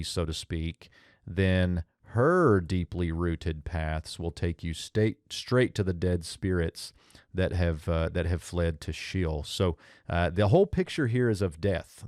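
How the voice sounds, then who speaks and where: A man's voice: deep voice, a little mellow, no echo, clean studio sound. A man teaching an ancient-language lesson at a whiteboard, thinking aloud with fillers and self-corrections.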